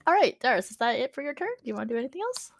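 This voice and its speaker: A woman's voice: high voice, sing-song, rapid-fire, gravelly. A woman narrating as dungeon master in a tabletop game, giggly and rambling, with lots of fillers.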